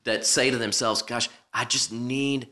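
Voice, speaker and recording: A man's voice: mid-range voice, fairly even intonation, measured pace, bright, forceful tone. A man playing an eager, chummy talk-show host who interviews his guests in an overly earnest way in an improvised comedy podcast.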